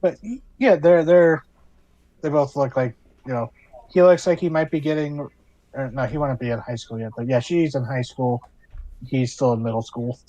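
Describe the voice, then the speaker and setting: A man's voice: mid-range voice, normal speed, mellow, no room sound, muffled recording. A man narrating his characters in a casual tabletop game, rambling with lots of filler words. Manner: rambling, full of "you know" and "like". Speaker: player.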